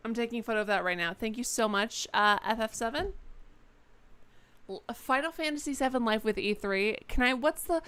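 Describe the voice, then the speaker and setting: A woman's voice: a little high, a little fast, fairly bright tone, clear, resonant tone. A young woman livestreaming a game, chatting candidly and rambling to viewers, swearing freely, into a desk microphone. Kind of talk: casual live-stream chat while gaming.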